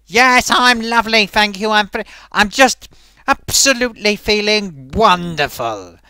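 A man voicing a flamboyant theatrical character who calls everyone "dear boy" and "darling" and repeats the host's name loudly in a sing-song. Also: high-pitched, animated, unhurried, clean tone, no room sound, heavily acted. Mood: gushing. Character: flamboyant theatrical luvvie man, gushing and grand.

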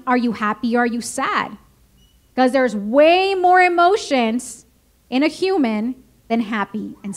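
A woman with a high voice presents a parenting workshop in a school meeting room. She keeps the audience involved with questions and drops into her English. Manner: lively, engaging, asks the audience questions.

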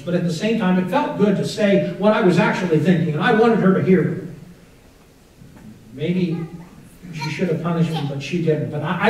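Pastor telling a story in an echoey church. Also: male voice, a little high, far from the mic. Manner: earnest storytelling, drops to a hushed prayer. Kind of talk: sermon with a told story. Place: church sanctuary.

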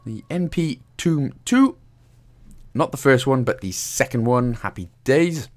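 A man's voice: mid-range voice, lively intonation, unhurried. A man with a Welsh accent giving a casual, jokey game walkthrough, swearing now and then. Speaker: gaming guide host.

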